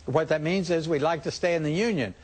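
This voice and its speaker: A middle-aged man, a political guest arguing forcefully and defiantly in a heated TV debate. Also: on the high side, brisk, husky.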